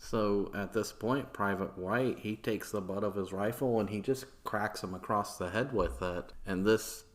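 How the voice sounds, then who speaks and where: Deep-voiced casual podcast host. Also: male voice, measured pace. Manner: casual, swearing, filler-heavy. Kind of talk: casual history storytelling.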